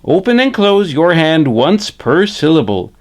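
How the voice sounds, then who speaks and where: A man's voice: on the high side, big pitch swings, voice pushed up. A man voicing Frederick, a friendly male hand puppet who teaches puppetry basics on camera in a chipper way, often tagging "eh?". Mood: encouraging. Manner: chipper, says "eh?" a lot, slow and deliberate.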